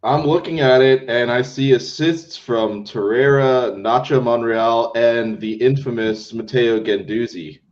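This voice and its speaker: A man's voice: medium pitch, measured pace, few pauses, a little mellow. A man co-hosting a podcast in casual chat, with laid-back, dry and brief replies. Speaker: podcast co-host. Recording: slightly dull, lo-fi sound.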